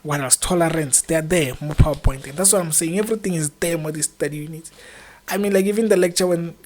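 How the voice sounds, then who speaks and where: A man's voice: fairly high pitch, quick pace, a little mellow, soft background music. A young man hosting an informal exam-prep video, talking to camera in a chatty, encouraging way that rambles with frequent fillers. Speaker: student exam-prep channel host.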